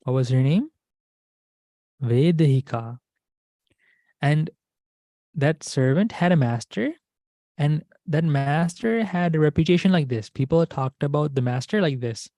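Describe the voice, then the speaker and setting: A Dhamma school teacher tells a teaching story in a warm, mellow voice. The speaker repeats key words and puts questions to the listeners. The sound is close and dry. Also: mid-range voice, unhurried, pauses often, no room sound. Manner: repetitive, asks the class questions. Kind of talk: storytelling lesson.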